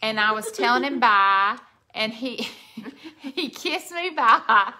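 A woman, chatting casually on a live stream, telling stories slowly and laughing often. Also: on the high side, animated, bright, forceful tone. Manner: slow, drawling storyteller, laughs often. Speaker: co-host, mother.

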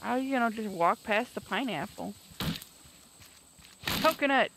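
A woman's voice: mid-range voice, quick pace, background noise. A woman in casual gaming chat, replying in a dry, matter-of-fact way. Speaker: game streamer.

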